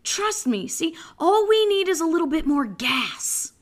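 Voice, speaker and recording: A woman voicing a calm, overconfident husband who brushes off worries in a breezy, reassuring way. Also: extremely high pitch, a little slow, pitched above the performer's own voice, full character voice.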